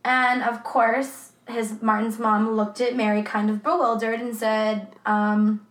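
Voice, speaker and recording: A woman's voice: on the high side, level tone, unhurried, echoey room. A woman co-hosting a true crime podcast in a casual, swearing, laughing chat. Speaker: podcast co-host.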